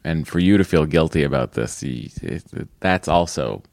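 A man's voice: rumbling low, animated, moderate pace, gravelly, darkish tone, no room sound. A man from New England co-hosting a podcast in casual chat, joking and rambling with self-deprecating asides. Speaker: podcast co-host.

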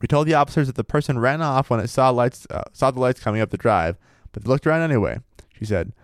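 A fast-talking man with a medium-pitched voice is heard in a dry, studio-quality recording. He co-hosts a casual podcast where he reads a paranormal story aloud and jokes around, loose, profane, and laughing often.

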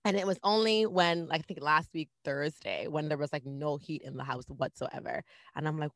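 A woman, co-hosting a podcast and telling stories in a dramatic, animated way. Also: deep voice, moderate pace, no echo, studio quality. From Canada. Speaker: podcast co-host. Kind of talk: casual chat.

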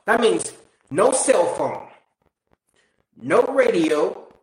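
A high-voiced man delivers a blunt motivational monologue, swearing casually and pressing the listener with direct questions. His voice bounces around a roomy, echoey space. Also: big pitch swings, very slow. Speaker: motivational speaker. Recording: roomy echo.

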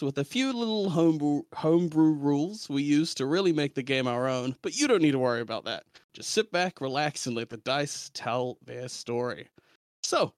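A man's voice: on the high side, no room sound, studio quality. A young man with a New Zealand accent, hosting and narrating a tabletop game in a dramatic storytelling manner. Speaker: game master and host. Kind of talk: podcast intro and scripted narration.

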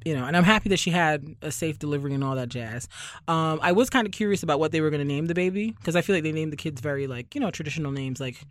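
A man's voice: fairly high pitch, fairly bright tone, dry recording. A young man from Barbados hosting a podcast in casual chat, sardonic and rambling, leaning heavily on fillers. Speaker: podcast host.

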